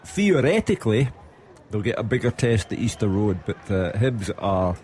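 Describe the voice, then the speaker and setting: A man giving measured football analysis on a radio show, pausing with hesitations. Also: on the low side, very animated, darkish tone, a little hiss or hum. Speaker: football pundit. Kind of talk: match analysis on sports radio.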